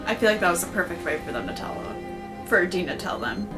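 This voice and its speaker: A woman's voice: fairly low pitch, sing-song, brisk. A woman giving casual reaction commentary, emotional, exclaiming and swearing often. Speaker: reaction video host. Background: episode audio and music.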